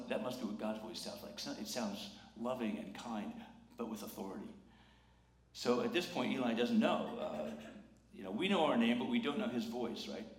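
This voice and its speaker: Male pastor giving a sermon, mid pitch, echoey church room, chatty and joking, does little voices. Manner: conversational and humorous, acts out quoted voices. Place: church sanctuary. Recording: roomy church sound.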